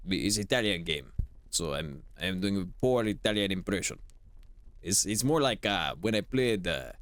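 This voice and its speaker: A man streaming a game, talking to chat in a quick, jokey, chatty way. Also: low-pitched, lively intonation, fairly bright tone, no room sound. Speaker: gaming streamer. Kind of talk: live game commentary.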